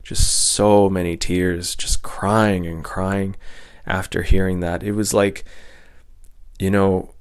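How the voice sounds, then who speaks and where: A young man hosting his own channel, telling a personal story unscripted, earnest and emotional, stumbling and repeating words with long pauses. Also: low-pitched, level tone, clear, resonant tone. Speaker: channel host.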